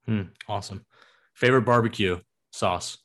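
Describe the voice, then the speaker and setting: A man hosting a podcast, asking quick-fire questions and giving a polished, upbeat sign-off. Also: lowish voice, fairly bright tone. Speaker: podcast host. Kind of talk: interview and podcast outro.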